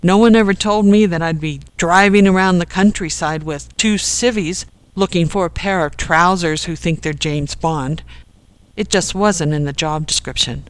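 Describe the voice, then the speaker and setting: A weary male soldier who takes things as they come and grumbles about his lot, put on by a narrator for an audiobook. His lines sit a little higher than the narration, and the recording is dry and close. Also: moderate pace, clear, resonant tone, no room sound, lightly acted. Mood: grumbling. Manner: matter-of-fact, grumbling.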